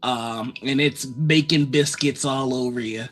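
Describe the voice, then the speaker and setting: Bright-voiced game master narrating. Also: male voice, mid-range voice, unhurried, faint music behind. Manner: relaxed, laughing, many uh fillers.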